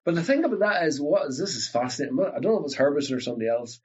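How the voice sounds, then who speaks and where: A man from Northern Ireland with an Ulster Scots accent, a guest telling lively stories about language, often repeating his words. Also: a little high, very fast, husky, highs cut off. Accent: Northern Irish, Ulster Scots. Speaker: guest, linguist. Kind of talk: storytelling conversation.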